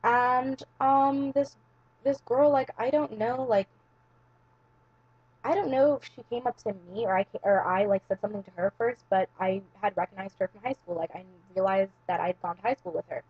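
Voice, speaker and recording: A young woman vlogger tells a long personal story to camera in a casual, rambling way, filling it with "like" and "um." Her voice is a little high and breathy at a moderate pace, and the recording sounds muffled.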